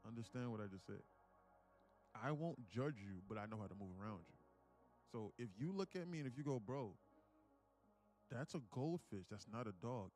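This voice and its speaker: A man's voice: on the low side, darkish tone. A man hosting a casual live trading stream, rambling and acting out mock dialogues.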